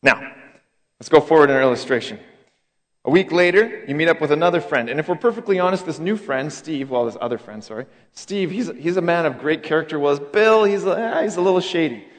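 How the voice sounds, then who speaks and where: A man preaching a sermon as pastor, conversational, with sudden drops to a hush and bursts of emphasis. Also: on the high side, expressive, a little fast. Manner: conversational, dramatic swings in loudness. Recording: echoey hall.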